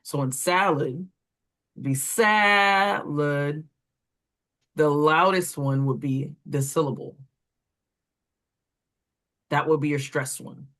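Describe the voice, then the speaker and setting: A woman's voice: sits low, fairly even intonation, slow, pauses often. Woman explaining reading steps. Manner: explains step by step with fillers, pointing at examples. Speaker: reading tutor trainer. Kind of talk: instructional walkthrough.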